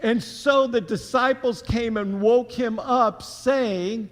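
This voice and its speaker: A man preaching a sermon as pastor, telling the story in a conversational, animated way with casual slang. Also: very high-pitched, slow, hardly any pauses, in a large hall. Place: church sanctuary.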